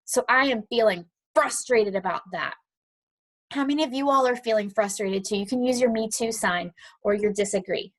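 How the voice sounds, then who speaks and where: Working from home with a dog close by, a woman patiently encourages a group of young kids through an online class and reads aloud to them. She speaks at a moderate pace in a slightly high voice.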